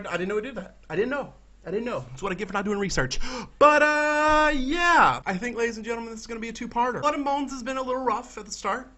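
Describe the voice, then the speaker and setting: High, bright-voiced excitable gamer man. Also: lo-fi sound. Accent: Southern US. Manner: excitable, talks to himself and his viewers. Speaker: gaming YouTuber. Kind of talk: let's-play commentary.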